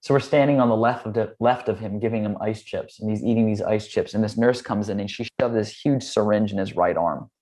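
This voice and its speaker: A man's voice: fairly low pitch, fairly quick, few pauses. A man from Hawaii and California, a yoga teacher and interview guest, telling stories in a casual, chatty way and acting out the people in them. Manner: relaxed, chatty, with many "um" and "like" fillers; acts out the voices of the people in his stories. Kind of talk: casual conversational storytelling.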